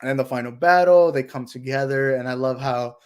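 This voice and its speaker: A young adult man hosting a casual movie discussion livestream, excited and rambling, with lots of fillers. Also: medium pitch, a little fast, smooth. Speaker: channel host.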